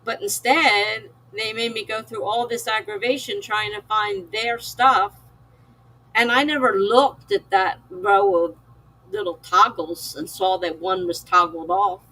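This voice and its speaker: A woman's voice: mid-range voice, bright, forceful tone, a little hiss or hum, rough recording. A tired woman chatting casually with her live-stream viewers, weary and given to laughing. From United States. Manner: slow, weary, laughs often. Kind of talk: casual chat with chat readers.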